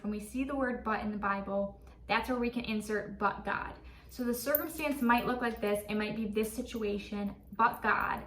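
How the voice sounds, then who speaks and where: A woman's voice: fairly high pitch, a bit bright, echoey room, distant mic, a little hiss or hum. A young woman teaching a casual devotional Bible study, earnest and chatty with lots of fillers.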